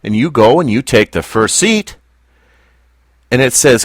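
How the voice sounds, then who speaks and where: A Bible teacher leads a lesson for a small group in a lively, mid-range voice that rises and falls. He speaks slowly and deliberately, often pausing to ask the class questions, and the sound is dry and close with no room echo.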